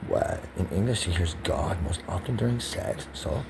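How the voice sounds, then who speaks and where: Low-pitched man, rambling and profane, pressured speech with heated swings, audible background noise. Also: expressive, normal speed, creaky. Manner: rambling, drops to whispers then rises to agitated shouting. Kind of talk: rambling monologue vlog.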